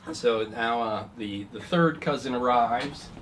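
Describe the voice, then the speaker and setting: A man narrates a tabletop fantasy game as game master, rambling through scenes with lots of uhs and restarts. His voice sits at an everyday pitch, with faint background noise. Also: a little slow, fairly bright tone. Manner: rambling, many fillers, laughs at own jokes.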